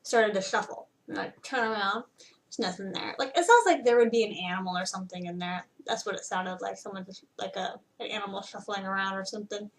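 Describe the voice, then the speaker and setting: A woman's voice: medium pitch, fairly quick, far from the mic. A young woman telling a personal story in a rambling, casual way, with lots of fillers and restarts. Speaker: vlogger. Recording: voice a bit off-mic.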